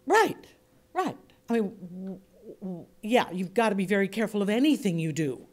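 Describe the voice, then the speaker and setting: Woman from the US, workshop instructor; conversational and demonstrative, plays with pace and pitch to make points. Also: sing-song, normal speed. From United States. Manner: chatty, demonstrative, shifts pace and inflection to illustrate points. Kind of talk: workshop lecture to a group.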